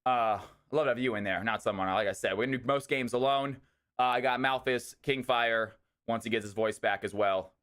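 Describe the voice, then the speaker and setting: A young man hosting a community game night on a live stream, chatting casually and breaking into excited cheers. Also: mid-range voice, a little fast, clear, resonant tone. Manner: excitable, shouts and cheers on sudden hype.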